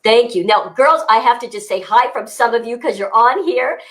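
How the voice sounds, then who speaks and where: Chatty woman host reading out viewer hellos, lively up and down voice. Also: a little high, normal speed. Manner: upbeat, greets viewers by name. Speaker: co-host of a fitness livestream. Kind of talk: casual livestream chat.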